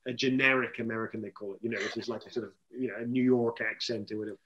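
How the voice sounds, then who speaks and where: A man's voice: on the low side, steady tone, very fast, muffled recording. A man who directs films, talking through a story in a press interview and quoting the conversations he had. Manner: chatty, anecdotal, quotes others. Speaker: film director.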